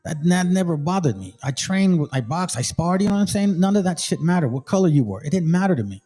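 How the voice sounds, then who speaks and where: A man's voice: fairly high pitch, lively intonation, fast, mellow, soft background music. Fired-up man commenting on clips. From Mexico. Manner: emphatic, street-casual preaching. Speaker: channel host. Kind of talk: commentary on a played debate clip.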